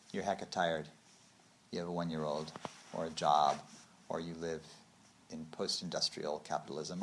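A man in his thirties giving a casual meditation talk, acting out little quotes with big swings of voice. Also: a little hiss or hum. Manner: animated storytelling, acts out quotes with big pitch swings. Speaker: meditation teacher.

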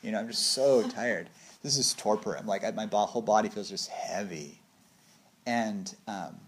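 Guy in his 30s chatting about meditation, kinda low voice, jumps up high when he acts out quotes. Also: slight background noise. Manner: animated storytelling, acts out quotes with big pitch swings. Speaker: meditation teacher. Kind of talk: casual dharma talk.

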